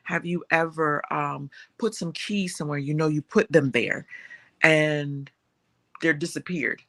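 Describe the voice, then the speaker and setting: A woman's voice: deep voice, measured pace, fairly bright tone. A woman guest on a podcast, a spiritual advisor, talking animatedly with rhetorical questions and examples. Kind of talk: casual conversational interview.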